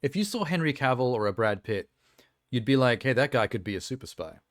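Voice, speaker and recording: A man's voice: medium pitch, big pitch swings, a little fast, no echo, studio quality. A man streaming casual reaction chat, rambling and offhand with lots of fillers, talking around a sour lolly in his mouth.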